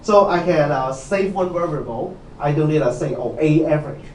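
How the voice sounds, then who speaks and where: Fairly high-pitched and speaking at a normal speed, a man lectures university students on programming, firing questions at them and tossing in "okay?" again and again in a repetitive style. There's a little hiss or hum, and the distant mic picks up the lecture hall's echo.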